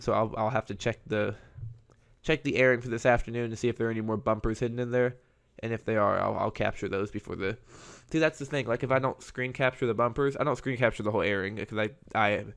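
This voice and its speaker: A man with a lowish voice rambles through a solo podcast episode in a loose, chatty way. His delivery stays fairly flat, with little rise and fall. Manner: rambling and conversational. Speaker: podcast host. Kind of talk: casual solo podcast monologue.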